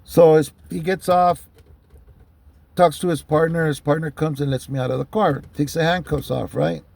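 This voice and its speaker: Gravelly man telling a street story. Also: a little high, fairly even intonation, normal speed, a little mellow, no room sound. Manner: loose and profane, many fillers like "you know". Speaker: storyteller recounting a police stop. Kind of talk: casual spoken storytelling.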